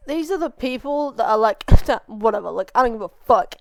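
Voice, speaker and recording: A woman's voice: fairly high pitch, animated, a little fast, gravelly, over a noisy crowd. Swearing young woman ranting at clips. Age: young adult. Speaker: reaction video host. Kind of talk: casual reaction commentary.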